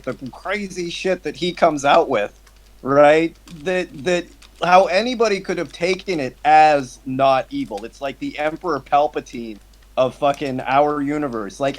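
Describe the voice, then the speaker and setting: A man's voice: fairly high pitch, low-quality recording. A man hosting a casual satirical chat, incredulous and often laughing, with some swearing. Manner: incredulous, laughing, sometimes profane.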